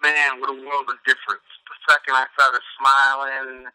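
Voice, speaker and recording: A middle-aged man tells stories in a loud, profane, joking way. His voice is very bright and tense, and the sound is dry and close. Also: medium pitch, flat delivery, normal speed, clean tone, no room sound, poor audio. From New York. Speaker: comedian guest. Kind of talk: casual interview chat.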